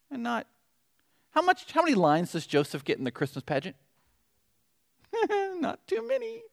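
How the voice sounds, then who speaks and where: A middle-aged man with a Southern accent preaching a sermon, telling a story in an animated way with joking asides. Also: on the high side. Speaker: pastor.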